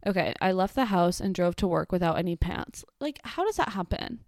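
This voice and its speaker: Woman, podcast host, chatty, amused, mellow voice, dry close sound. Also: fairly low pitch, animated, a little fast, no echo. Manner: chatty, filler-heavy, amused. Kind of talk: casual solo podcast chat.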